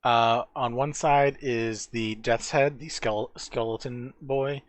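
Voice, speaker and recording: A game master narrating a tabletop role-playing game and giving calm, brief rulings. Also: medium pitch, slow, no echo.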